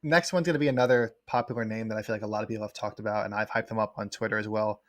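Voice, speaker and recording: Fast-talking man, dry close sound. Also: lowish voice, steady tone, no room sound. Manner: quick, rambling with many fillers. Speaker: guest sports writer. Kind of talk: casual livestream chat.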